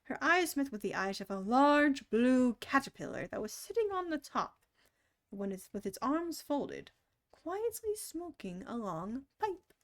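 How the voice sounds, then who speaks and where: A woman reading a children's book aloud on a stream in an expressive, animated way. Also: high-pitched, unhurried. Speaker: storyteller.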